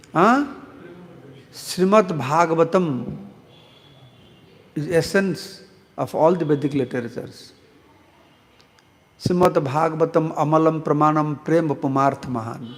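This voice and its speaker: Man, monk, scripture class lecture, storytelling, chanted verses, somewhat high voice, long hall reverb. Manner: storytelling, asks the audience questions, chants verses. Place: temple hall.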